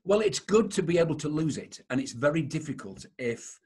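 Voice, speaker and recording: Yorkshire man, husky voice, friendly video call host. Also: fairly high pitch, lively intonation, a little fast, darkish tone. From Yorkshire, England. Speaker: interview host. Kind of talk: casual interview over video call.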